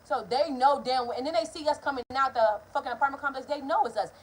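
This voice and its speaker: A young woman vlogger telling a story, blunt and profane in an animated casual storytime. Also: high voice, fast, rough recording.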